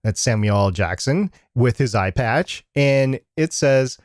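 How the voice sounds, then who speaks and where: A man co-hosting a casual podcast, with a mid-pitched, everyday voice. He talks in a relaxed way, pausing with fillers as he gets his words together. The recording is dry and close. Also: dry recording. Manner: halting, lots of fillers when he describes things. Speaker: podcast co-host.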